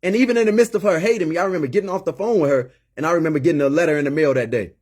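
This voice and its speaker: A man in his late thirties speaks with a husky, slightly raised voice. He talks in an emphatic, preachy way and stacks up repeated words as he builds each point, like a mentor pleading with his listeners. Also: fairly high pitch, very fast, darkish tone. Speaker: former inmate turned community mentor. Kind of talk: impassioned personal monologue.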